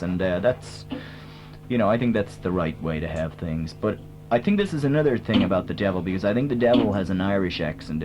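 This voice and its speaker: A man with a put-on American accent, talking as a tribute band singer in a comic radio interview. He rambles deadpan, full of hesitant fillers. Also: low-pitched, brisk, over music. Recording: dull lo-fi old radio tape with hum.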